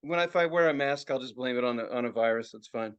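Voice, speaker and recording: A man co-hosting a podcast, telling a story in casual, excitable, profane chat. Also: mid-range voice, fast, clear, resonant tone, lo-fi sound. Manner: profane, excitable, acts out other people's reactions. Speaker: podcast co-host.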